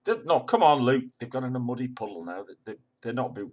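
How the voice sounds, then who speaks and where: An actor playing an excitable, rambling male radio talk show host in a comedy sketch, speaking from a radio studio. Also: mid-range voice, fast, close to an everyday voice, poor audio. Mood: flustered.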